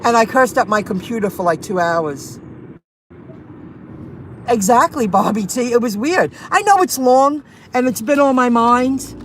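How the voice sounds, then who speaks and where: A woman rideshare driver chatting casually to her viewers, telling an indignant story and reading out their comments. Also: a little high. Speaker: rideshare and delivery driver vlogger. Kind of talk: casual venting chat to viewers. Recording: noisy car and street background.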